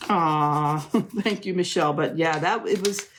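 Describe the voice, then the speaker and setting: A woman's voice: low-pitched, unhurried, fairly bright tone, a little hiss or hum. A middle-aged woman hosting a live crafting demonstration, chatty and gushing, often calling her viewers "ladies". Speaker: crafting live-stream host.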